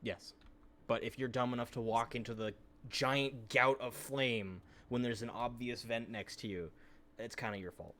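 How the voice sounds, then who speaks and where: A man's voice: mid-range voice, fairly even intonation, normal speed, fairly bright tone, a little hiss or hum. A man streaming a video game, explaining its mechanics in a joking, casual chat.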